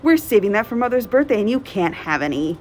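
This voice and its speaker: A woman's voice: mid-range voice, big pitch swings, quick pace, soft background music, close to an everyday voice, poor audio. A woman voicing a precocious little boy in a storybook read-aloud, speaking in a matter-of-fact, knowing way. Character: bright, precocious little boy, calm and sure.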